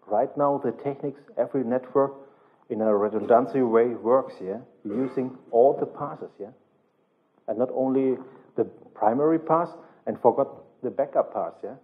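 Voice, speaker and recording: Heard through a tinny, narrow-band conference recording, a man with a medium pitch teaches a technical lecture. He is the instructor, his English phrasing is broken and non-native, and he closes nearly every phrase with "yeah?" as a question.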